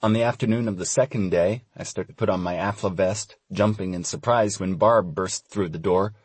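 A young man giving relaxed, wry first-person audiobook narration. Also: deep voice, slightly rough, dry recording.

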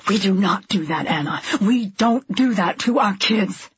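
Woman doing a tall stern husband, clipped and forceful, breathy voice, dull lo-fi sound. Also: on the low side, unhurried. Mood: furious. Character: tall stern husband, middle-aged man.

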